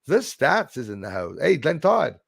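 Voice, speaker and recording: Gravelly man chatting live. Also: on the high side, big pitch swings, normal speed, dry recording, clean studio sound. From Canada. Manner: rambling, blunt, greets viewers by name. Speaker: livestream host reading chat. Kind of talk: casual live-stream chat.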